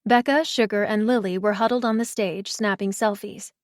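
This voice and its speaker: This first-person audiobook is read by a woman with a mid-range voice, steady in pace yet expressive. The sound is close-miked and dry, with no echo and no room around it.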